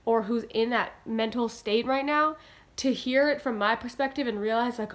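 A woman's voice: on the high side, moderate pace. A young woman talking earnestly to her camera in a vlog, encouraging and a little rambling. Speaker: singer-songwriter vlogger. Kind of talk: heartfelt direct-to-camera vlog talk. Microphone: camera mic, talking to camera.

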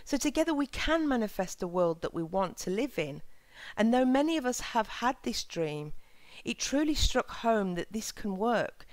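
A woman hosting her own channel, giving a sincere, measured spiritual talk and reading scripture passages with soft emphasis. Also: fairly high pitch, sing-song, dry recording.

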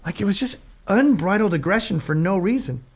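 A man in his fifties from Britain, working as a show host, speaks briskly in a high-pitched voice. He tells a humorous, swear-heavy story with animated energy, acting out the things people said.

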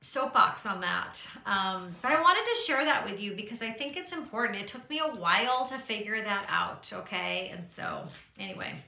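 A woman's voice: medium pitch, expressive, moderate pace, gravelly, few pauses, bright, forceful tone, echoey room. A middle-aged woman hosting a casual live chat from her art studio, gushing and encouraging her viewers, with plenty of fillers along the way. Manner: chatty with frequent fillers.

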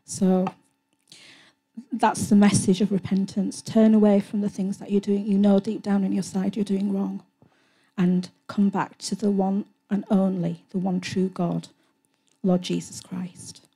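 A woman presenting a Christian TV programme, speaking in a gentle, earnest devotional way between hymns, soft-spoken and sometimes hesitant as she searches for words. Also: medium pitch, little pitch movement, measured pace, breathy edge. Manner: soft-spoken, earnest, often trailing into a hush.

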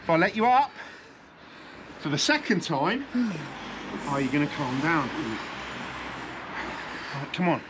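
A man's voice: fairly high pitch, sing-song, measured pace, long pauses, background noise. A man working as a repo agent outdoors, mocking and sarcastic toward the person he is dealing with. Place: outdoor driveway.

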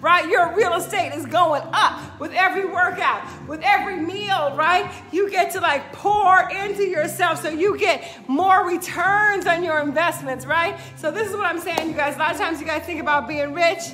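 Very high, bright-voiced upbeat fitness host. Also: female voice, moderate pace, hardly any pauses, faint music behind. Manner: upbeat and emphatic, tags lines with "right?", repeats phrases; greets viewers by name mid-talk. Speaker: fitness instructor hosting a live workout stream. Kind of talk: motivational live-stream talk.

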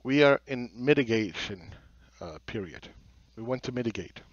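A man delivers a blunt, sarcastic market commentary and swears freely as he mocks the views of others. His voice is recorded dry and close, with a slightly dull, muffled tone. His pitch sits at an ordinary middle level. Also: animated, normal speed, dry recording. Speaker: market analyst.

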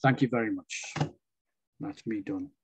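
A man reading his own comic poetry on a video call, with a dry, deadpan delivery. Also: on the low side, unhurried, a little hiss or hum. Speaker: featured poet. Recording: dry close sound.

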